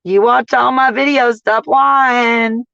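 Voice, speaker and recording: Woman, fairly high voice, blunt, profane, animated, casual livestream rant, dry slightly dull sound. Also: slow pace, vocal fry, smooth, dry recording. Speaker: couponing vlogger.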